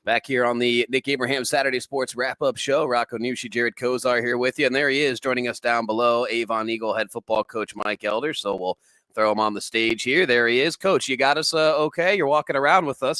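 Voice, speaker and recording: A man hosting a local sports talk show, chatty and animated as he runs through scores. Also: mid-range voice, dry recording. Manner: chatty, animated, with quick laughs.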